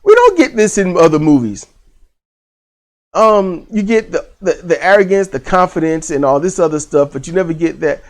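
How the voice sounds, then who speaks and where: A man's voice: fairly high pitch, big pitch swings, moderate pace. A man giving a casual, rambling movie review, full of restarts and fillers and the odd swear word.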